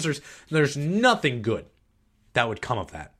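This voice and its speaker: A man's voice: medium pitch, sing-song, slow, a bit bright. A man hosting a sports podcast, giving blunt, sarcastic takes in a casual way with frequent restarts. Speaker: podcast host.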